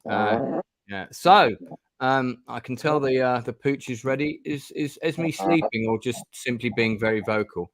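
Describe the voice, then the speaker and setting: Playing through a gamebook on his stream, this middle-aged host talks in a relaxed, meandering way, full of ums and false starts. He speaks a little slowly in a mid-range voice, recorded at studio quality without echo.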